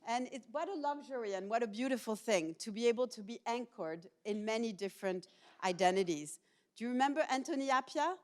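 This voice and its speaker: With a medium-pitched voice, a middle-aged woman professor lectures students publicly in a university hall, speaking in a personal, lively style and questioning the audience.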